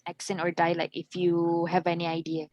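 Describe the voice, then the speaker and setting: A woman's voice: on the low side, completely flat delivery, normal speed, darkish tone, dry recording, highs cut off. A young adult woman teaching an adult English class, patiently asking questions and checking that her students follow.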